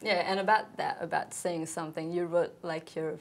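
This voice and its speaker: A woman interviewing a singer, asking measured questions and prompting with small fillers. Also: low voice, fairly even intonation.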